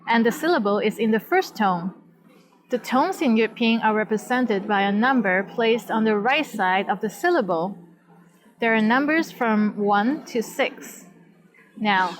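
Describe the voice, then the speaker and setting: A woman teacher presenting a scripted language lesson in a clear, explanatory way. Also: on the high side, low-quality recording.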